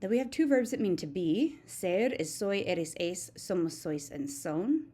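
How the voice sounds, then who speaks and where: A woman, a teacher giving a steady, methodical recorded grammar lesson and reciting verb forms one by one. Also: fairly low pitch, a little slow. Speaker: Spanish teacher.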